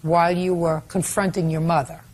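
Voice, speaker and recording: Sharp, rapid-fire woman judge. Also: on the low side, level tone. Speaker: TV courtroom judge. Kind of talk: courtroom questioning.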